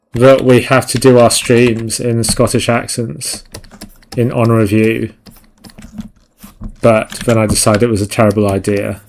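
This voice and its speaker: A man's voice: medium pitch, a little hiss or hum. A man chatting casually and swearing while he paints on a live stream, rambling and self-mocking. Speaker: digital art streamer.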